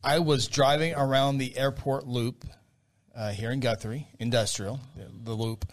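A man co-hosting a casual chat, telling a rambling, halting story. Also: mid-range voice, steady tone.

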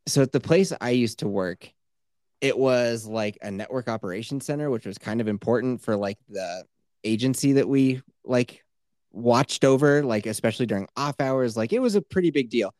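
A man co-hosting a casual chat show, telling a work story in an animated, profane way and laughing often. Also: mid-range voice, moderate pace, no echo. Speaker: podcast co-host.

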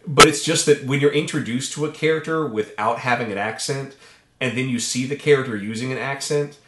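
A man's voice: medium pitch, fairly quick, a bit bright. A man with a middling voice co-hosts a movie podcast, chatting casually. He jokes, stumbles into sentences and reaches for odd metaphors. The room around him is echoey. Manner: playful, jokey, fond of odd metaphors. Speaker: podcast co-host. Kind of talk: casual movie review chat. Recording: roomy echoey mic.

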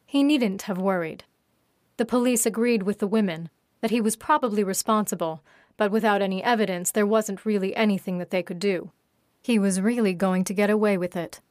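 A woman's voice: mid-range voice, dry recording. Woman reading a story, dry sound. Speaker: author reading her story. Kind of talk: audiobook narration.

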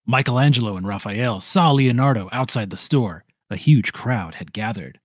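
A man co-hosting a podcast, reading a children's book aloud in an animated way, with high character voices. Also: moderate pace, no room sound, studio quality. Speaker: podcast co-host.

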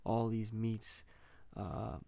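A man's voice: lowish voice, extremely slow, gravelly, dark tone, no room sound. A man co-hosting a podcast, listing dishes with eager, emphatic praise. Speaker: podcast co-host. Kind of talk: casual food chat.

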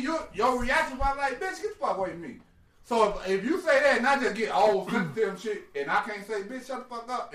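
A man rambles bluntly through his opinions in a casual group discussion and swears freely. His voice sits very high and sounds bright. He is off the mic in an echoey room. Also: distant mic. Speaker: panelist.

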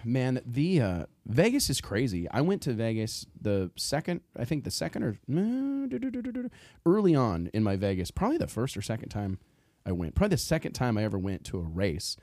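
A man hosting a podcast, telling a story in a casual, animated way, acting out what people said and laughing often. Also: mid-range voice, brisk, no echo. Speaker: podcast host.

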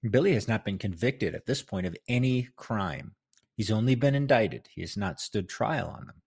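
A man's voice: fairly low pitch, animated, normal speed, gravelly, darkish tone, husky. A man hosting a casual history talk, rambling and chatty with many fillers and restarts. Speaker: podcast host.

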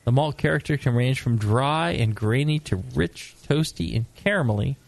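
A middle-aged American man co-hosting a casual brewing talk show, joking and lively, sometimes putting on gruff voices. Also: mid-range voice, normal speed, dry recording. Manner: animated, joking, mock-gruff put-on voices. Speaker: podcast co-host, brewing expert. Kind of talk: casual chat.

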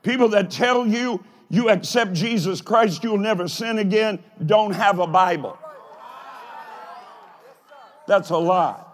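A pastor preaching a live sermon in a folksy, plain-spoken way, with emphatic bursts of shouting. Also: male voice, high-pitched, slow, long pauses. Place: large church or college auditorium.

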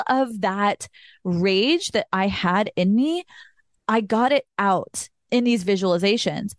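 A woman's voice: medium pitch, takes it slowly, no room sound, clean studio sound. Candid woman sharing personal healing story. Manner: candid and emotional, says "like" often, sometimes swears. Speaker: podcast host. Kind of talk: personal reflective monologue.

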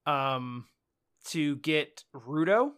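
A man chatting on a podcast, his voice a bit higher than most, halting and restarting as he goes. He tells things wryly, with a dry, joking edge. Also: animated, fairly bright tone, smooth. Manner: halting, restarts often, wry retellings. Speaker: podcast co-host. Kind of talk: casual chat.

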